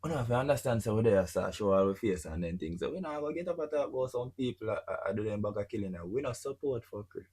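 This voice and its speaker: A man's voice: lowish voice, lively intonation, fast, few pauses, mellow. A man with a Jamaican accent from Jamaica, hosting a podcast in casual chat, blunt and swearing freely, often checking "you see me?". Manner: keeps asking "you see me I say?". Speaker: podcast host.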